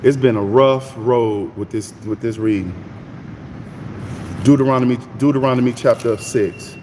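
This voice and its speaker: A man's voice: medium pitch, moderate pace, long reverb tail, slight background noise. A middle-aged man, hosting a morning Bible reading stream in a casual, folksy preaching style and greeting his viewers by name. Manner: folksy, animated, talks to his chat by name.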